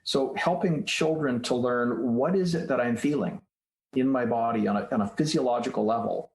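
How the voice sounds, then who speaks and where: In an echoey, roomy recording, a child psychologist interviewed as a guest author on a podcast walks listeners through his ideas in a teacherly way. He speaks at medium pitch and a moderate pace.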